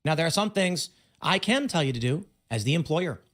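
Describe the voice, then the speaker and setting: A man talks through unscripted commentary on his live stream, voice sitting slightly high and swooping widely between highs and lows. He tells it as stories, acting out what people said and repeating key words for stress. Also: animated, brisk, fairly bright tone. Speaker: livestream host.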